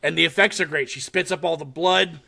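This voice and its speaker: A man's voice: a little high, a little fast, gravelly. A man co-hosting a podcast, animatedly recapping a horror short in casual chat, swearing often and laughing as he tells it. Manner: animated, swears a lot, laughs while telling.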